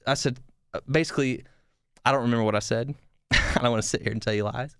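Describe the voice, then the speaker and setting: A young man hosting a podcast, telling a story in a rambling, animated way with frequent swearing and restarts. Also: medium pitch, fairly quick, pauses often, smooth, dry recording, studio quality. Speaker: podcast host. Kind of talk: casual storytelling.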